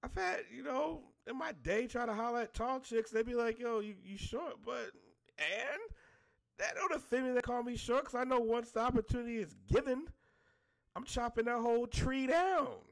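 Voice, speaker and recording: A man's voice: very high-pitched, normal speed, creaky. A man delivering a blunt, exasperated, profane rant straight to his audience. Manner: blunt, exasperated, heavy swearing.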